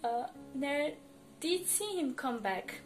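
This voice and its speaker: A woman doing a slow, drawling old man. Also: high-pitched, animated, soft background music, pitched above the performer's own voice. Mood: easygoing.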